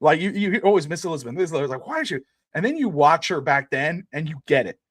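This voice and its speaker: Casual male podcast co-host, slightly high voice, rambling delivery, close dry mic. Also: lively intonation, fast, slightly rough, no echo. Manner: rambling, many "you know" fillers. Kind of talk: casual sports chat.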